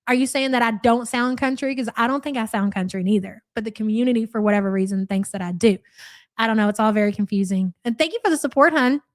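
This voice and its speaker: Young woman, Louisville accent, reaction-stream host; blunt, profane, sarcastic delivery, pitched a bit high. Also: quick pace, no room sound, studio quality. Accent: Louisville Kentucky. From Louisville area, USA. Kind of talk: live-stream reaction commentary, reading chat.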